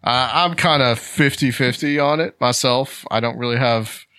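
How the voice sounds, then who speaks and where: Male interviewer, relaxed and unhurried, pauses to find his words, bright timbre. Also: mid-range voice, smooth, no echo. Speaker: podcast host. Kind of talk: casual interview.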